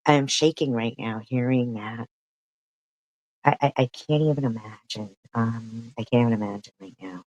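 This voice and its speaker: A woman's voice: extremely low pitch, normal speed, a little mellow, no room sound, poor audio. A woman streamer giving reaction commentary, stammering, repeating herself and swearing in outrage.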